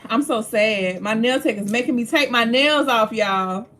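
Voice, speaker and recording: A woman's voice: on the high side, moderate pace, a bit bright, soft background music. Chatty woman host greeting viewers. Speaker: livestream host. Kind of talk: casual livestream chat.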